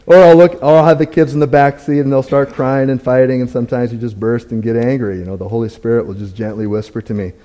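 Man, church testimony; warm, mellow voice, candid and self-deprecating, halting and conversational. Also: mid-range voice, steady tone. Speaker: church member giving a testimony. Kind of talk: conversational sermon talk.

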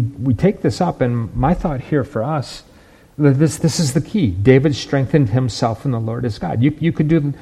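A man's voice: mid-range voice, dark tone, breathy edge. A man preaching a sermon, making emphatic points and checking in with his listeners by asking "right?" and "okay?". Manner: repeats and restarts words while building points.

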